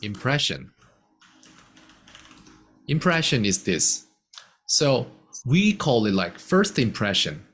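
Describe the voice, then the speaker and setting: A man's voice: mid-range voice, very animated, slow pace, a bit bright, slight background noise. A man teaching a casual one-on-one English lesson, patiently explaining simple words.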